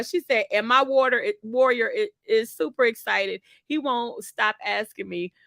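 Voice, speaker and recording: A woman's voice: fairly high pitch, normal speed, creaky, hardly any pauses, dry recording. Chatty woman host on a video call. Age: adult with school-age children. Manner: chatty, animated storytelling with playful asides. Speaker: co-host of community livestream. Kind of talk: casual chat.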